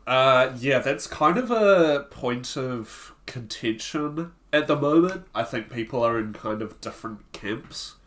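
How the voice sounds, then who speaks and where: A man's voice: mid-range voice, a bit bright. A man streaming a card game, commenting casually and thinking aloud while answering questions from chat.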